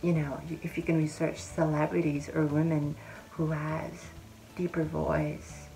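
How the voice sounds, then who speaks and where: Chill woman vlogging, low voice, kinda slow, keeps correcting herself, quiet music under it. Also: flat delivery, creaky, rough recording. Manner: chatty, self-correcting, fillers like "like" and "um"; drops to a soft, quiet voice to demonstrate. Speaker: vlogger giving advice. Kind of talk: casual advice vlog.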